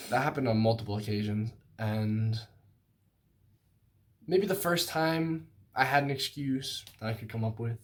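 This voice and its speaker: A young man tells a story to his viewers in a casual, self-mocking way. His voice sits at an ordinary middle pitch, and he pushes his delivery for comic effect. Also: a little slow, long pauses. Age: young adult. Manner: self-mocking, animated, lots of fillers. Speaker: vlogger.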